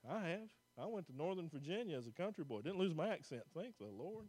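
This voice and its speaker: Country pastor, high voice for a guy, folksy plain talk, preaching in church. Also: very animated, quick pace, a little mellow, slightly rough. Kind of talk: sermon.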